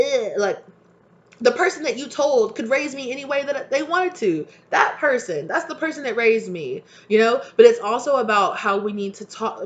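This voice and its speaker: A woman's voice: medium pitch, muffled recording. A young adult woman, a tarot reader, talking casually to camera in a heated, passionate rant with swearing.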